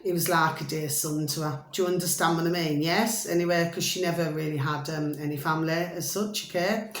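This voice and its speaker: A woman's voice: low voice, steady tone, brisk, a little hiss or hum. A woman telling a long story to her viewers in a chatty, repetitive way, constantly checking that they follow along. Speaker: vlogger. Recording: roomy echo, faint ambience.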